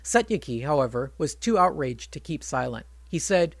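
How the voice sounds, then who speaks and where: A man's voice: a little high, very animated, normal speed, dry recording. A man retelling an epic in casual storytelling with chatty, wry asides.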